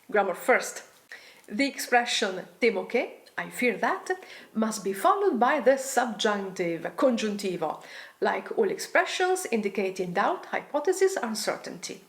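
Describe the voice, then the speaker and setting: A woman teaching a language lesson, reading example phrases aloud and then translating and explaining them. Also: medium pitch. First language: Italian.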